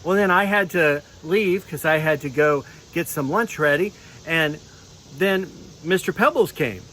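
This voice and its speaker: A man telling a children's sermon with puppets, in a gentle storytelling manner. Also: fairly high pitch, measured pace, a little hiss or hum, low-quality recording. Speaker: clergy giving children's sermon.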